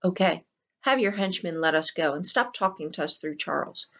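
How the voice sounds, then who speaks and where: A woman voicing a steady, wry teenage boy. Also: on the low side, moderate pace. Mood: urgent. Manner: hushed, urging, wry.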